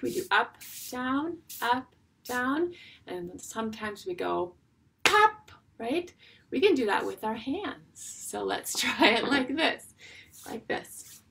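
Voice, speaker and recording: A woman teaching an online music class for young children, talking in a slow, sing-song way with drawn-out phrases. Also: fairly high pitch, vocal fry, pushed and bright, a little hiss or hum.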